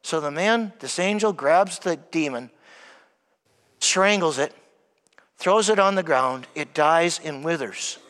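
A man preaching a sermon, emphatic, often calling out to "everyone", sometimes dropping to a soft hush. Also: a little high, slow, long pauses. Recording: long hall reverb.

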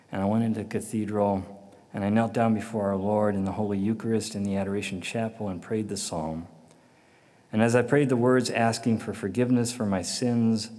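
A man giving an earnest personal faith testimony, quiet and reflective. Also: lowish voice. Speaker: testimony speaker. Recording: long hall reverb.

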